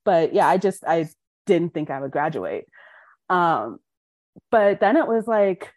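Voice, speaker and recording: A woman's voice: lowish voice, measured pace, no echo, clean studio sound. A young woman from Colorado, a podcast guest, telling her life story frankly and acting out the voices of people in it. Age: young adult. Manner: frank, animated, acts out quoted dialogue. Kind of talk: candid interview storytelling.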